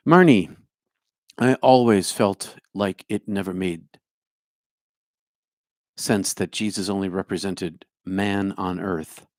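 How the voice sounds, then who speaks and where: A man's voice: deep voice, slow pace, long pauses, darkish tone, no echo, studio quality. A middle-aged man with a New Jersey accent, a spiritual speaker answering his live chat by name, musing and humming to himself. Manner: musing, talks to viewers by name, hums to himself. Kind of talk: livestream chat reply.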